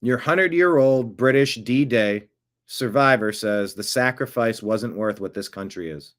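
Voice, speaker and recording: A man's voice: medium pitch, measured pace, a bit bright. A man giving solo political commentary, reading a transcript aloud in an indignant, emphatic way.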